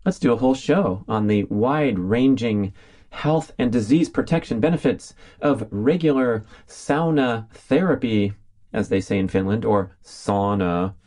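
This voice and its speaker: A man's voice: fairly low pitch, mellow. Upbeat, chatty man hosting a podcast. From California, US. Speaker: podcast host. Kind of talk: casual solo podcast monologue.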